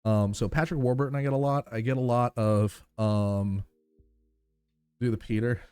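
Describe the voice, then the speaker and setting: A man's voice: mid-range voice, steady tone, moderate pace, mellow, clean tone, dry recording. A man streaming live and chatting casually with his viewers, thankful and rambling with lots of fillers.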